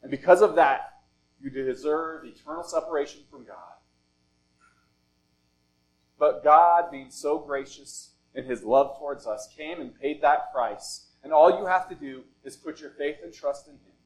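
A male pastor delivers a sermon in deliberate, measured phrases, his voice sitting fairly high for a man. He often lets a thought sink to a soft, low finish before going on. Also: rough recording.

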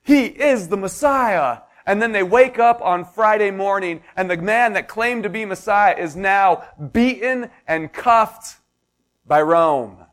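Pastor guy preaching, kinda high voice, chatty storytelling that gets fired up. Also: measured pace, fairly bright tone. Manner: storytelling, builds to impassioned pitch; conversational asides and everyday examples. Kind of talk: sermon.

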